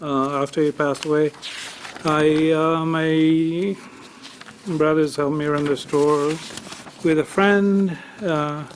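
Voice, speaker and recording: A man testifying at a tax appeal hearing, halting and full of fillers as he grows emotional telling his story. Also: fairly high pitch, fairly even intonation, slight background noise. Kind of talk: unscripted testimony.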